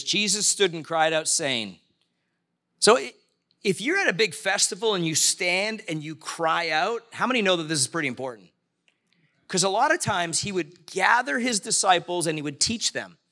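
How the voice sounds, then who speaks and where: In a live-streamed church service, a pastor preaches a sermon to his congregation in a high, bright, forceful voice. His style is conversational, and he repeatedly asks the congregation questions.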